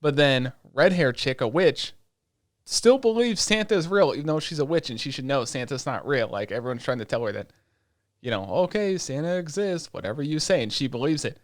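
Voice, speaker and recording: A man's voice: medium pitch, a little fast, dry recording, studio quality. Loose, profane man recapping anime. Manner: loose, profane retelling with lots of fillers; animated storytelling that acts out quoted lines. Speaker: podcast co-host. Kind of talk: casual chat.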